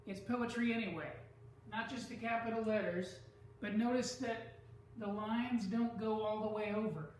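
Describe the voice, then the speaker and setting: Slow careful teacher explaining poetry, sounds far from the mic in a really echoey room. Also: mid-range voice, steady tone, darkish tone, slight background noise. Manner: slow, deliberate, stresses syllables aloud. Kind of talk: classroom lesson on poetry.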